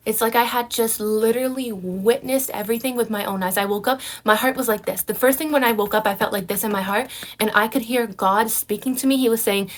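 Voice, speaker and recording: A woman's voice: on the high side, brisk. A young woman vlogger telling a personal story in casual chat, full of "like" and "right?". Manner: animated storytelling, frequent "like" and "right?" fillers.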